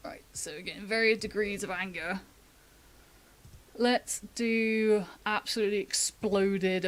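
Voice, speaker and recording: A woman giving a casual live-streamed drawing tutorial, chatty and thinking aloud as she sketches, laughing often, from the UK. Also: mid-range voice. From United Kingdom. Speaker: artist giving a drawing demo.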